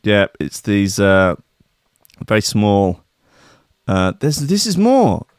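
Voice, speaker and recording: A man's voice: on the low side, sing-song, slow, smooth, no room sound, clean studio sound. A man hosting a comedic news commentary, reading stories aloud with sarcastic, crude, rambling asides. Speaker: host.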